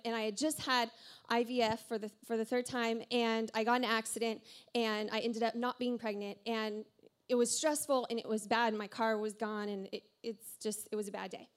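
A woman pastor preaching to a congregation, telling a personal story in an animated, self-deprecating way and laughing often. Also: on the high side. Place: church service before a congregation.

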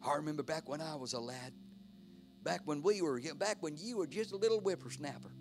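A man's voice: fairly high pitch, a little fast, natural voice. A preacher doing a nostalgic old man. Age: older. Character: old man fondly reminiscing about youth. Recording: loud guitar music behind.

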